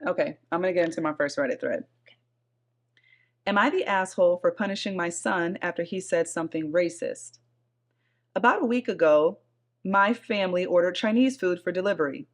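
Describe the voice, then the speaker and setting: A woman co-hosting a podcast, chatting casually with frequent laughter and blunt, salty remarks, and reading forum posts aloud. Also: on the low side. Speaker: podcast co-host.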